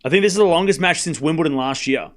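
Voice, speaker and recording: A man with a high voice calls a tennis match live for his stream. He is up late at night, trades quick banter with his viewers and rattles off each score as it comes. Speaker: livestream tennis commentator. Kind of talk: casual play-by-play commentary and chat replies.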